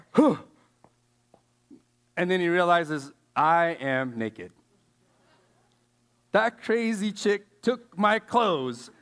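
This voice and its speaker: Animated slangy man preaching. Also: sits high. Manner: animated, slangy storytelling with many fillers. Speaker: youth speaker. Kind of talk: casual sermon.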